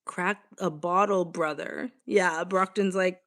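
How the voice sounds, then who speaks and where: A woman's voice: medium pitch, a little slow, hardly any pauses, a bit bright. A young woman chatting casually on a livestream from home, swearing freely and reading the chat aloud. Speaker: live streamer. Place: home, evening.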